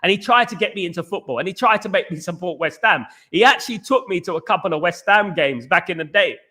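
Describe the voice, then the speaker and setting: A middle-aged man with a Cockney accent hosts a live football chat, his voice high and bright with a sharp edge. He rambles, repeats himself, and breaks off to read out viewer comments. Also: expressive, fast. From East London, England. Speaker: podcast host. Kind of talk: casual live-stream chat.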